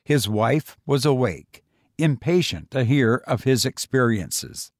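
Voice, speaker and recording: A man reading a short story aloud as an audiobook narrator, measured and deliberate. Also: medium pitch, lively intonation, dry recording, clean studio sound.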